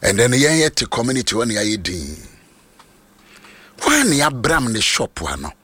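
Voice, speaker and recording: A Ghanaian man preaching a sermon, mixing Twi and English and swinging from low speech to high shouts. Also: huge pitch swings, normal speed, husky.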